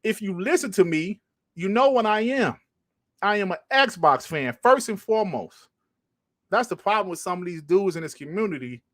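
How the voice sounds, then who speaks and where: A man's voice: high-pitched, expressive, normal speed, dry recording, clean studio sound. A man hosting a podcast, ranting casually and emphatically, swearing and repeating points for stress. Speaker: podcast host.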